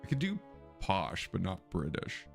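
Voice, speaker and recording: Excitable man streaming a mystery game. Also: sits low, a little slow, creaky, faint music behind. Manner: animated and excitable, laughs often, talks to chat. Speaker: let's play streamer. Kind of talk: casual gameplay commentary, reading game text aloud.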